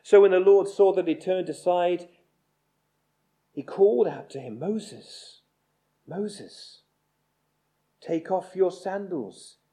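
A male preacher delivers a sermon in a fairly high voice. He speaks slowly and deliberately and presses hard on repeated phrases. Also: warm tone.

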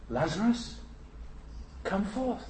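Lazarus, as a preacher puts him on, hushed. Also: male voice, high-pitched, sing-song, slow, a little hiss or hum, pitched above the performer's own voice, heavily acted. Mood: earnest. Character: Lazarus, raised man, bewildered and plain-spoken. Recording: roomy church hall.

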